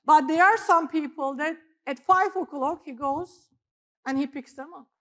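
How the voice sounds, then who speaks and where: A middle-aged woman pastor, preaching a sermon in an animated storytelling way that swings between loud emphasis and quiet asides. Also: sits high, normal speed.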